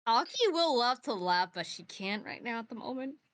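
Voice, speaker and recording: A woman's voice: fairly high pitch, big pitch swings, normal speed. A woman playing in a tabletop game, eagerly describing her character's actions. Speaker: player.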